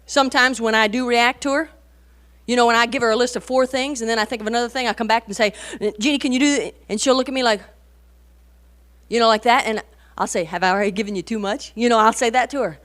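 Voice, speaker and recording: Woman, 40s, conversational sermon speaker; animated anecdotes, rhetorical asides, emphatic peaks. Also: on the high side, fast. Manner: animated storytelling, rising to emphatic bursts. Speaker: women's conference speaker. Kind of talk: conversational sermon to mothers and teens.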